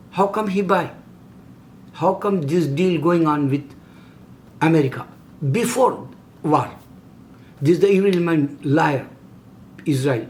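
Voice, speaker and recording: Middle-aged man, impassioned, slightly high voice. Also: a little hiss or hum. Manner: broken English, repeated emphatic rhetorical questions. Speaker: video host. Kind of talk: impassioned religious monologue.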